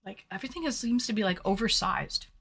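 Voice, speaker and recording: This streamer hosts online dates, chatting casually on a webcam mic and eating as she goes. She's from Massachusetts with the accent to match, and her medium-pitched voice is fast, creaky and fairly bright with a breathy edge. She chats away, reads messages from chat aloud and eats between words.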